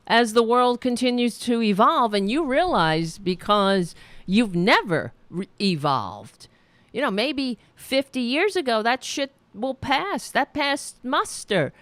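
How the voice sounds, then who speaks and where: A woman's voice: on the high side, very animated, takes it slowly, fairly bright tone, no echo. A woman hosting a talk show, speaking bluntly and swearing freely, rambling with restarts. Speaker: podcast host. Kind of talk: casual opinion talk.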